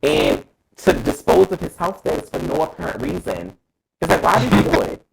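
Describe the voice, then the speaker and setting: Animated, gravelly man giving opinions. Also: a little high, normal speed, background noise. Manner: dramatic, emphatic, profane, addresses co-hosts by name. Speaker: co-host. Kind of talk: casual opinion talk.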